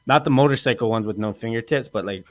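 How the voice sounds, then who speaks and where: A man's voice: medium pitch, fast talker, no room sound. Boastful man telling wild stories. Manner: boastful, animated storyteller who acts out quotes and laughs often. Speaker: podcast host. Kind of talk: comedic storytelling chat.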